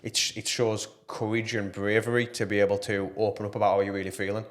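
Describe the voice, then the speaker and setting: In a relaxed podcast interview, the guest is a man with a fairly low voice that shows little pitch movement. He comes across as earnestly passionate, talking loosely and often stalling on fillers.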